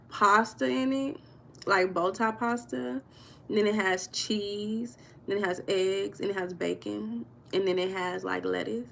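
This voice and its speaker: A woman's voice: mid-range voice, vocal fry, a little hiss or hum. An American woman hosting a casual live stream, greeting viewers by name and answering their comments. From United States. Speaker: livestream host reading viewer comments.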